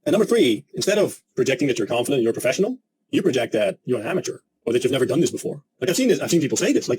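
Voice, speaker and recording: Fast, animated man coaching sales. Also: a little hiss or hum, poor audio. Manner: animated, emphatic, acts out quoted clients with a jump in pitch. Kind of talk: energetic sales lesson.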